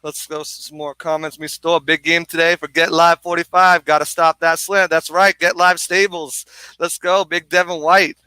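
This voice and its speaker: A man co-hosting a live sports watch-party stream outdoors on a bar deck, excitedly reading viewer comments and a little out of breath. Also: fairly high pitch, moderate pace, smooth, no room sound, poor audio. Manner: hyped, energetic, reads viewer comments aloud.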